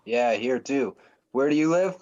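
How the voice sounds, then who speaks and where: A man's voice: mid-range voice, lively intonation, unhurried, darkish tone, lo-fi sound. A man in casual podcast chat, laid back and laughing easily.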